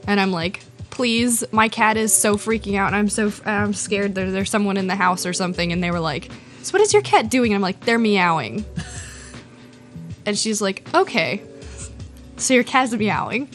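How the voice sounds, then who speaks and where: A woman's voice: mid-range voice, normal speed, a bit bright, soft background music. A woman co-hosting a casual podcast chat, telling a story animatedly and acting out the dialogue. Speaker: podcast co-host.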